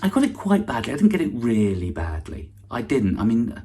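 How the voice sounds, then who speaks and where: A man's voice: mid-range voice, huge pitch swings, a little fast, mellow. A middle-aged man hosting an online awards ceremony with a dry, self-deprecating stand-up monologue, full of false starts and asides. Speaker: awards host and comedian.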